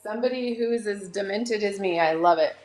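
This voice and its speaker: Bubbly and quick, a mid-range voice belongs to a middle-aged live-stream seller who welcomes viewers by name. She chats away with excited gasps, talking a little fast.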